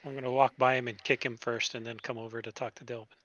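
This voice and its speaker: A man playing a tabletop game, talking in a brisk, playful way. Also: mid-range voice, level tone, fairly bright tone, no room sound, dull audio. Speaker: player. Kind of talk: casual game chat.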